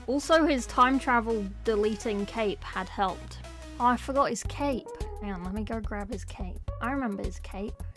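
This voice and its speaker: A woman's voice: fairly high pitch, a bit bright. A woman casually reading a novel aloud, with playful, chatty asides. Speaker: book reader.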